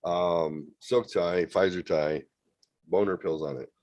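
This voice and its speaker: A man's voice: low-pitched, fairly even intonation, slow pace, darkish tone, no room sound. A man co-hosting a comedy show over a remote call, telling a bawdy story and acting out the other people's lines with playful relish. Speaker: co-host. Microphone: remote video call.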